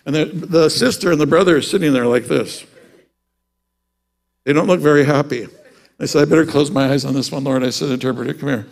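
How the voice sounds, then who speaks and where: Gravelly man preaching a sermon. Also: a little high, brisk, long pauses. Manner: rising to loud fervent preaching. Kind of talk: sermon with storytelling.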